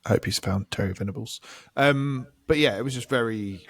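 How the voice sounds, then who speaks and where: Man, podcast co-host, mid pitch, relaxed and halting chat. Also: no room sound.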